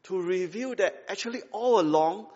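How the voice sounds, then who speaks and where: A man's voice: high-pitched, moderate pace, darkish tone. A man delivers a sermon in a hall with a long echo, and his slightly raised voice comes through a dull, muffled recording. He talks casually and emphatically, asking rhetorical questions and tagging lines with "right?". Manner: conversational, tag questions and local fillers. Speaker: preacher.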